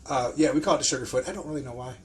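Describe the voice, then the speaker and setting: A man hosting a podcast, swapping wrestling stories in a casual, profane, animated way and acting out what people said. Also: mid-range voice, rapid-fire, a crowd in the background. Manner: profane, animated storyteller who acts out quotes. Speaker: podcast host and pro wrestler. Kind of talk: casual storytelling chat.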